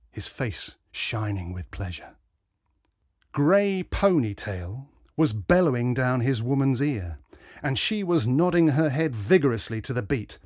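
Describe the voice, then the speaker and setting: Lively, expressive man reading a story. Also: medium pitch, no room sound, studio quality. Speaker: narrator. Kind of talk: first-person story reading.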